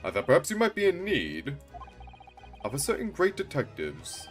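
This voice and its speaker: A man's voice: fairly high pitch, wildly swooping pitch, moderate pace, soft background music. A man voicing a pompous, eccentric male detective, theatrical and grandiose. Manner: grandiose, theatrical, stumbling on big words.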